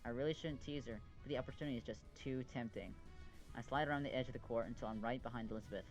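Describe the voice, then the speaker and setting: Man narrating a visual novel, wry, mid-pitched, faint music behind. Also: rapid-fire, poor audio. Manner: wry, stumbling over words. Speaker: let's play reader. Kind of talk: reading a visual novel aloud.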